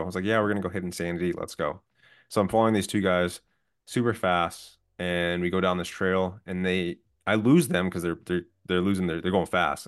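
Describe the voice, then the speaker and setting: Guest, man in his 20s, low register, earnest and candid storyteller, plain-spoken. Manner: calm, earnest, candid with profanity. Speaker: podcast guest. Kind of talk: personal storytelling.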